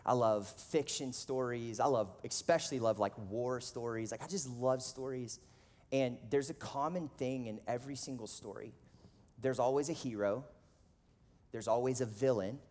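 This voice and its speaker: A man in his thirties preaching a sermon in a casual, animated storytelling way, full of "like". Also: mid-range voice, normal speed. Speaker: pastor. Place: church auditorium. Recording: long reverb of a large hall.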